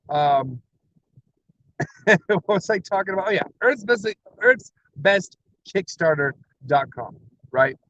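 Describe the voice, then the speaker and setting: Energetic man rambling on a livestream. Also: high voice, slow, pauses often, muffled recording. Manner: energetic, laughs often, self-deprecating. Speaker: comic creator livestreaming. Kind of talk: rambling solo livestream chat. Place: parked car.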